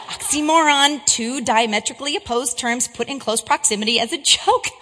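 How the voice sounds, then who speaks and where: A woman gives a Christian talk to an audience, an English teacher and animated storyteller who keeps checking in with her listeners. Her pitch is fairly high, and a long reverb tail trails her words.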